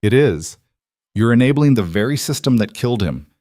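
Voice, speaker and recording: A man's voice: mid-range voice, animated, moderate pace, a little mellow, no room sound, close to an everyday voice. A man voicing a cold, calculating aristocratic father who speaks in a dry, cutting way. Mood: cold, disdainful.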